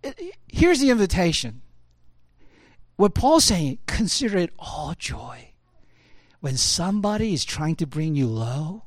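Chatty preacher, high voice, dry sound. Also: male voice, very animated, measured pace, no echo. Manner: conversational, full of fillers like "you know, like"; swings between loud emphatic bursts and low quiet asides. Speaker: pastor. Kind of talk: sermon.

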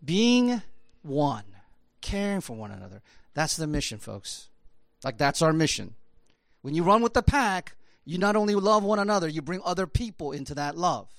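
A man's voice: on the high side, big pitch swings, normal speed, no room sound, studio quality. A man preaching a conversational sermon, rambling with many fillers. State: choked up, emotional. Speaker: pastor.

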